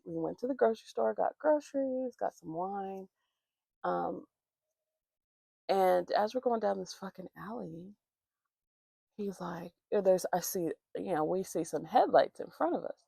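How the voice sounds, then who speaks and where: Woman vlogger, heavy vocal fry, casual profane storytime, dry close mic. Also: medium pitch, normal speed, dark tone, no echo. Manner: rambling, profane, acts out quoted voices. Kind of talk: casual storytime while doing makeup. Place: at home, morning makeup routine.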